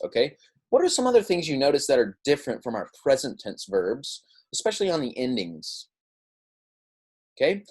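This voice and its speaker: A man teaching Spanish, giving a casual recorded lecture that drills verb endings slowly and jokes about himself. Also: mid-range voice, husky. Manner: self-deprecating, chatty, repeats drills slowly.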